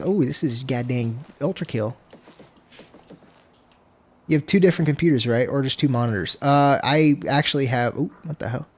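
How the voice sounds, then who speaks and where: A streamer talks casually with his chat during a gameplay livestream, swearing freely and breaking into frustrated outbursts. His mid-range voice has a darkish tone and moves at normal speed with long pauses. His manner stays laid-back as he addresses the chat.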